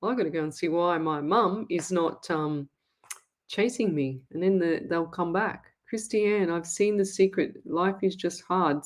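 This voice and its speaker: A woman's voice: lowish voice, unhurried. An Australian woman hosting a live-stream, reading out viewer comments and answering them in a blunt, emphatic way. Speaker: psychic medium host.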